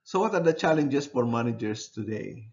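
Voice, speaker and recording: A man at a mid pitch delivers a university lecture, pausing and restarting his sentences. He repeats phrases and keeps checking in with the class. The recording sounds dull and lo-fi. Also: expressive, a little mellow.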